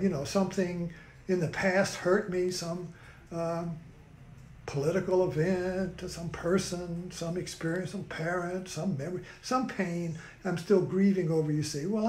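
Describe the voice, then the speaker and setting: A man's voice: sits high, darkish tone. A man giving a spiritual talk in a loose, conversational way, often ending with "you see". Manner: rambling and conversational, tag questions like "you see". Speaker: spiritual teacher. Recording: roomy echo.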